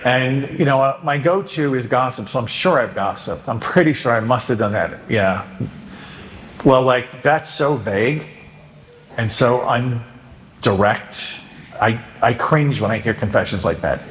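A man, a Catholic priest, giving a humorous homily in a joking, animated way, now and then acting out penitents' voices. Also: medium pitch, measured pace. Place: church. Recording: echoey church hall.

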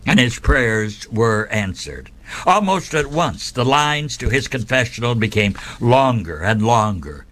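A man hosting a radio program, reading a devotional story in a measured, reverent way. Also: medium pitch, big pitch swings, a bit bright. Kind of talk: scripted devotional narration.

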